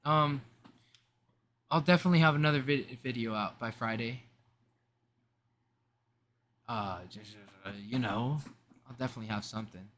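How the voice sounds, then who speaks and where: A young male vlogger with a medium-pitched, fairly bright voice rambles casually to the camera. He talks in slang and keeps cutting himself off mid-thought, over a slight hiss or hum.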